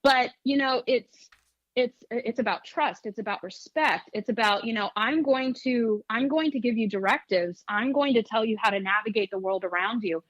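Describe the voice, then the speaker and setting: A woman guest who trains dogs, talking in an interview in a lively, emphatic way and often restarting phrases. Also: on the high side, moderate pace, no echo. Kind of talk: conversational interview. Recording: dull lo-fi audio.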